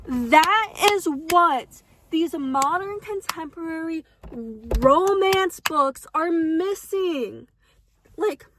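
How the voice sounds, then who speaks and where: Young woman rambling about books to her phone, high pitched, slow and drawn out, goes from mumbling to shouting. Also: a little hiss or hum. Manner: dramatic, swings from mumbled asides to excited shouts. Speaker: book vlogger. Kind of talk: casual book review chat. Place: home, filming on a phone. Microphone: phone camera.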